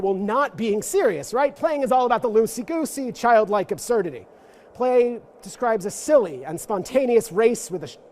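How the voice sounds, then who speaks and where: Male guest lecturer, high-pitched, playful and self-deprecating, leading a church forum audience. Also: darkish tone. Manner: playful, self-mocking, joking asides.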